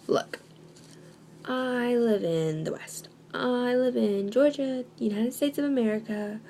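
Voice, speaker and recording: A woman's voice: on the high side, takes it slowly, warm tone, a little hiss or hum. A young woman talking in a casual video monologue at home, sarcastic and hesitant with many ums. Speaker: vlogger.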